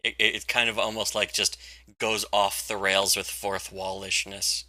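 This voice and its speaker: A man with a bright, forceful voice and a lowish pitch talks through a comic in loose, rambling chat. He laughs often and swears freely. The sound is dry and close. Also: flat delivery, normal speed, no echo. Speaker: comics review host. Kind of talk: casual profane chat.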